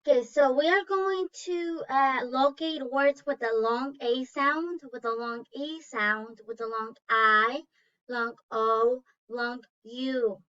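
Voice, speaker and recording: Slow, bright-voiced woman teaching phonics. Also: sits high, smooth. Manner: slow, deliberate, sounding out words. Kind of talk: online phonics lesson. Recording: dull lo-fi recording.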